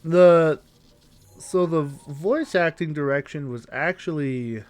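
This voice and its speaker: Young guy streaming a game, kinda high voice, dry mic, muttering and reading chat. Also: slow, dry recording, soft background music. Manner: thinks aloud while playing and reading chat. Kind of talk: live gameplay commentary.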